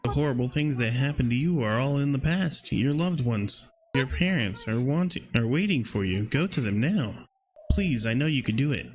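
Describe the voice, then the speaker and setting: A man's voice: medium pitch, animated, normal speed, soft background music. A man playing a horror game and reading its dialogue aloud, with casual, slangy reactions in between. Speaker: gaming video creator.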